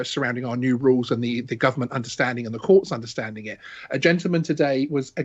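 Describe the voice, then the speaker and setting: Excitable British man on a dull stream. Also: medium pitch, husky, no echo. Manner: excitable, stumbling restarts, jokey. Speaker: drone channel guest. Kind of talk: casual live-stream chat. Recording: dull dry lo-fi stream audio.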